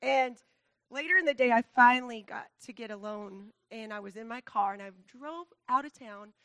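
A woman's voice: a little high, normal speed, fairly bright tone, no room sound. A woman giving an earnest talk to a church congregation, laughing often and growing tearful at times. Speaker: church speaker.

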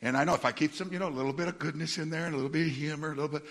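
A middle-aged man preaching a sermon, telling a story with humor, laughing often and mimicking other people in a high voice. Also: fairly even intonation, very fast, gravelly, a bit bright.

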